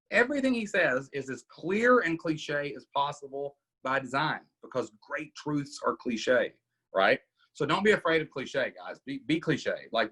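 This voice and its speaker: A man's voice: fairly high pitch, fairly bright tone, breathy edge. A middle-aged man hosting a casual coaching Q&A, emphatic and often asking "right?". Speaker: podcast host coaching members.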